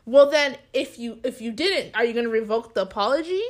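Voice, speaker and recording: Young woman, casual podcast chat, lively storyteller, slightly high voice. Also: quick pace, noisy background. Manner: animated storyteller, acts out quoted people. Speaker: podcast co-host.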